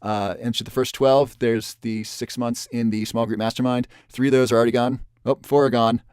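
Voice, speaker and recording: A man presenting a webinar, pitching a parenting program and repeating the offer and the spots left. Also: fairly even intonation, fairly quick, darkish tone, clean tone, no echo, studio quality. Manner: pushy salesman tone, repeats offers and counts down spots.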